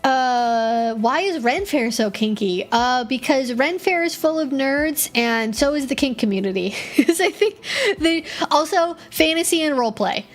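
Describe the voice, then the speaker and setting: A woman's voice: high voice, animated, unhurried, soft background music. A woman hosting a live-stream Q&A as a kink educator, chatty and rambling, with many fillers and short laughs.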